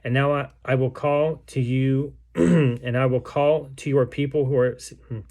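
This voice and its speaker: A man's voice: medium pitch, steady tone, a little slow, darkish tone, close to an everyday voice. A man reading a starving, grieving mother. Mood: bitter, accusing. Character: starving grief-stricken mother in a besieged city.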